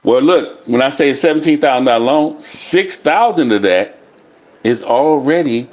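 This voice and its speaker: A man's voice: mid-range voice, animated, normal speed, a little mellow. A man talking casually and bluntly, swearing often and repeating himself as he tells a story. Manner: blunt, profane, repeats himself while telling stories. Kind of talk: casual chat. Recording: dull lo-fi sound.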